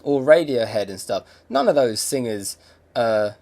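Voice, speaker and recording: A man's voice: mid-range voice, expressive, a little slow, darkish tone. Rambling English man musing aloud. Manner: rambling, reflective, many fillers and restarts. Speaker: podcast host. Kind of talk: casual monologue.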